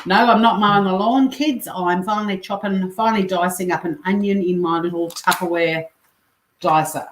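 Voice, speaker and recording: A chatty Australian woman talks to her stream viewers while cooking, her voice sitting a little low. She swears freely and answers comments as they come in. The sound bounces around a roomy home kitchen, with a faint hiss behind it. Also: steady tone, moderate pace. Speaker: livestream host. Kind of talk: casual livestream chat while cooking.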